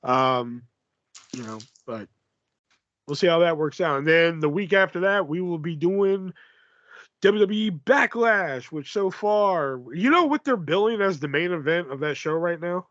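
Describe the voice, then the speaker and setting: Animated man hosting a podcast. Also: fairly high pitch, a little slow, no room sound, dull audio. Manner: animated, swears casually. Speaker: podcast host. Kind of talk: casual chat.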